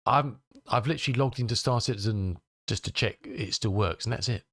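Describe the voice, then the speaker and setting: A man's voice: fairly low pitch, a little fast, fairly bright tone, no echo, clean studio sound. A male streamer chatting casually with his viewers, muttering to himself as he tinkers and answering chat messages.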